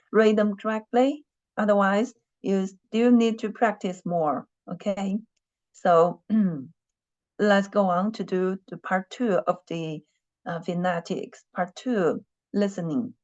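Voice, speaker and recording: Slow patient woman teacher on a call. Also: medium pitch, a little mellow, lo-fi sound. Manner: patient, repeats questions, hums "mm" while thinking. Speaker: Chinese language teacher. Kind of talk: online language class.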